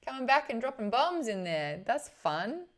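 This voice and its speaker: A woman's voice: fairly high pitch, sing-song, moderate pace. A young adult woman, chatting casually with viewers on a live stream, greeting the chat and laughing often.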